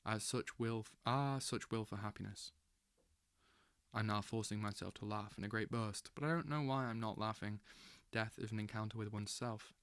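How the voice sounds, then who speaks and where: A man reading a literary novel aloud as an audiobook, slow and intense, with dramatic swells. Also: fairly low pitch, steady tone, a bit bright, clear, resonant tone, no room sound. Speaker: audiobook reader.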